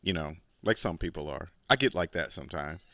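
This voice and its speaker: A man's voice: deep voice, animated, brisk, bright, forceful tone, no echo. A man hosting a podcast, telling a rambling, profane story in a casual solo monologue. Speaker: podcast host.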